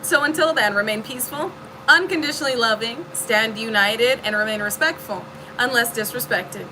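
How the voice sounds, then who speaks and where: A woman's voice: fairly high pitch, normal speed, background noise. A woman giving a casual spiritual reading to her viewers, emphatic and preachy, swearing freely. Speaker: spiritual reader.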